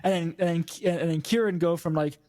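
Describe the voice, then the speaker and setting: A young man co-hosting a casual podcast, rambling and animated as he chats, slipping into mock voices. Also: fairly high pitch, fairly quick. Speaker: podcast co-host. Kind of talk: casual chat about video games.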